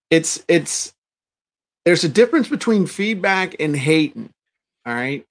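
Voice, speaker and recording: Animated man, slightly high voice. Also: unhurried. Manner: animated, acts out quoted people; frequent restarts and repeated words. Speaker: podcast co-host. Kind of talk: casual business chat.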